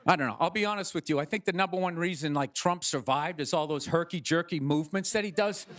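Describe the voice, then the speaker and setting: A male stand-up comedian doing a sarcastic, ranting set on stage, with loud bursts. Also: on the high side, quick pace. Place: comedy stage before a live audience. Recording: live club recording with audience laughter and noise.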